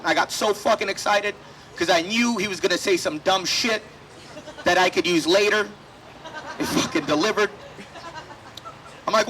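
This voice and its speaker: A man's voice: high voice, fairly quick, pauses often, sharp tone, a little hiss or hum, low-quality recording. A man doing a brash, profane stand-up set at an outdoor festival stage, slipping into voices for the people in his stories. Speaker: stand-up comedian.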